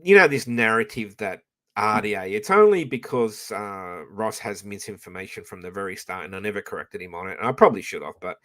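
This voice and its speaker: Through a professional microphone, a man hosting a livestream rambles, curses, and keeps restarting his sentences. His voice is fairly low and a bit bright.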